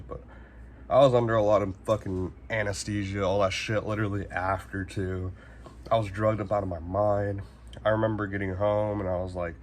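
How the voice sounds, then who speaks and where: Speaking at normal speed with fairly even intonation, the man has a lowish voice, and the recording carries a little hiss or hum. A 20-something vlogger from Northern California, he rambles through a casual story with slang, profanity, and an endless stream of "like."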